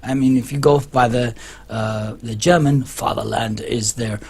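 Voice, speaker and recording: A man's voice: mid-range voice, steady tone, unhurried, darkish tone, breathy edge. A man talking to camera in a casual opinion vlog, rambling and emphatic, with many restarts. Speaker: vlogger.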